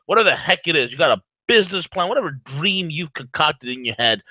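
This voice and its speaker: A man's voice: fairly high pitch, expressive, quick pace, hardly any pauses, no room sound, poor audio. Fired-up man talking on a morning radio show. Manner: fired-up, rants loudly, jokes and laughs. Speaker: co-host. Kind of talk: talk radio commentary with ad reads.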